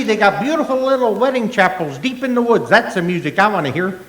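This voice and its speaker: High, lively comedian on a convention stage. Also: male voice, a little fast. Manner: jokey, bantering with an audience. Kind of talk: stand-up comedy act. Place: convention stage before a live audience. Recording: roomy live venue sound with crowd. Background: audience applause and laughter.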